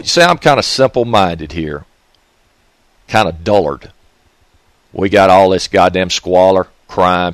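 Low-voiced, profane ranting man. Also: dry recording. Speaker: radio host. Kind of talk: ranting solo radio monologue.

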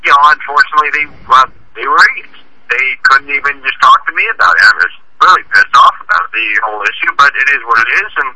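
A man from Canada calling into a talk show, speaking haltingly with many fillers and blunt swearing. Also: mid-range voice, pushed and bright, slight background noise, rough recording. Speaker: caller. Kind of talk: casual call-in chat.

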